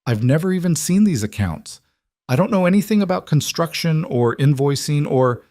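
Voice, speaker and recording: A man's voice: medium pitch, very animated, a little fast, darkish tone, dry recording, clean studio sound. A man voicing a frightened young woman who is trapped, speaking in a breathless, pleading way. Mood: desperate.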